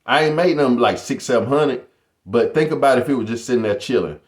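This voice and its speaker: A man's voice: medium pitch, a little fast, echoey room. A middle-aged man talking casually to his viewers in a boastful, motivational vlog style. He keeps calling them "y'all.". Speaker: YouTuber.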